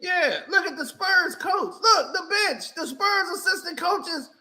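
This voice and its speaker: High-voiced, bright man ranting about basketball. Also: unhurried. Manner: animated, mocking, shouts and laughs while reacting. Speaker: sports commentary streamer. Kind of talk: casual reaction commentary.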